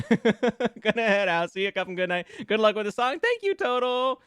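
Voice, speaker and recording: A male VTuber chats with his viewers in a light, high voice, giggling often and stumbling over restarts as he riffs on ideas. The sound is dry and close, with no room around it. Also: sing-song, moderate pace, a bit bright, clean tone, no echo. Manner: giggly, playful, riffs with chat on lyrics; stammering restarts while brainstorming. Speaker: VTuber streamer. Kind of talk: casual live-stream chat.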